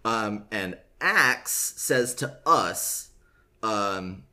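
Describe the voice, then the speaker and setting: A young man, a podcast host, casually retelling a book and acting out the characters' lines in quick asides. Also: on the low side, lively intonation, bright, forceful tone.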